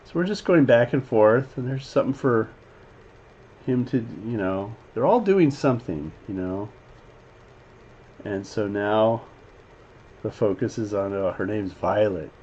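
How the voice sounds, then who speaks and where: A man talks slowly through an animated scene like a teacher, filling gaps with "you know" and "um" and acting out the characters' lines. The recording is a bit dull and lo-fi. A faint noise runs underneath. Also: fairly low pitch. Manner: rambling, many fillers, acts out the characters' lines. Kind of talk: casual scene breakdown. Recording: slightly dull lo-fi audio with faint background noise.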